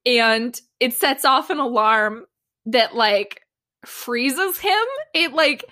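A woman's voice: fairly high pitch, animated, slow pace, sharp tone. A woman co-hosting a podcast, recapping a TV episode in casual chat and laughing often. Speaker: podcast co-host.

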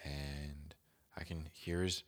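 With a slow, bass voice, a young podcast host animatedly relays a casual tale in slang, going from whispers to shouts as he performs each part.

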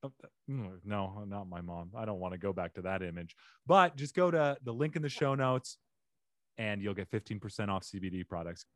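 A man's voice: lowish voice, expressive, normal speed, no room sound, clean studio sound. A man hosting a comedy podcast over a remote call, joking and ad-libbing playfully in casual chat. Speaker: podcast host.

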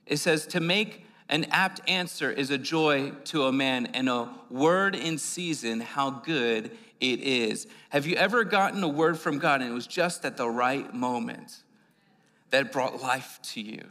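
A man's voice: mid-range voice, a little slow, sharp tone. A man preaching a conversational sermon in a church, often repeating words and using fillers as he goes. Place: church sanctuary. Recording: long hall reverb.

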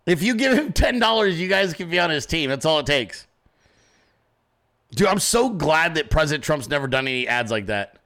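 A man's voice: a little high, sing-song, normal speed. A man hosting a podcast, ranting in crude, mocking commentary. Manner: crude, mocking, loud impressions. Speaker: podcast host.

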